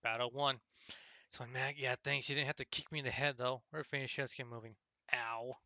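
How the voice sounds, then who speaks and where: Bright-voiced man narrating a game playthrough. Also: medium pitch, flat delivery, fast, no echo, muffled recording. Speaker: gamer reading a text adventure. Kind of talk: let's play commentary and read-aloud narration.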